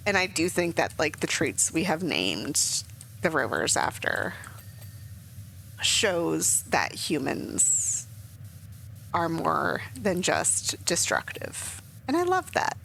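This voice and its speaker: Brief: young woman streamer, rambly casual commentary, lively up-and-down pitch, lowish voice, faint hum behind. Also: vocal fry, poor audio. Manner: rambling, emotional, many fillers.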